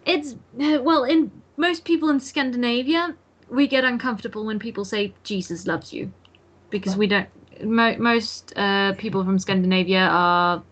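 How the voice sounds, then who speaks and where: A young woman with a Danish accent talks in a casual podcast conversation, her voice sitting a little high. She speaks earnestly but haltingly, restarting phrases as she searches for words. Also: fairly even intonation, a bit bright. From Denmark. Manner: hesitant, restarts often, earnest. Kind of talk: casual chat.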